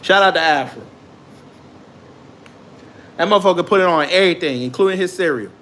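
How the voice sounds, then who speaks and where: High-voiced man mocking with laughter. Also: brisk, sharp tone, a little hiss or hum. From immigrant to the United States. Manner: joking, mocking, laughs often. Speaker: commentary show host. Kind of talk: casual reaction commentary.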